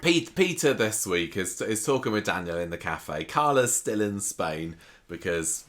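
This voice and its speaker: Chatty low-voiced man recapping a soap. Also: big pitch swings, a little slow, a bit bright. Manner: chatty, laughs often, acts out characters' lines. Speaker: podcast co-host. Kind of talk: casual chat recapping a soap.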